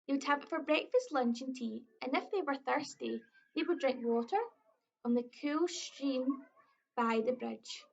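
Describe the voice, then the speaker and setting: Gravelly Scottish woman reading a children's story. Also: high voice. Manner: expressive, slow and clear for children. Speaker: early years storyteller. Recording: dull lo-fi recording.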